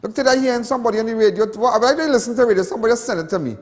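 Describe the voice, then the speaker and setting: A high-voiced Trinidadian man hosts a TV show in an impassioned monologue. He rambles and repeats himself, dropping local slang as he gets worked up. A long reverb trails behind his voice. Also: very fast. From Trinidad and Tobago. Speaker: TV show host.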